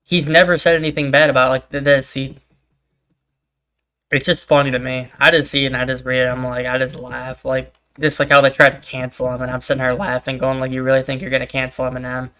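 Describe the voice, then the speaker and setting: A man's voice: medium pitch, flat delivery, brisk, pushed and bright, clean tone. A young man streaming a game, chatting casually in a laid-back, rambling way, swearing freely and laughing things off. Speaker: gaming streamer. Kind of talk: casual chat while gaming.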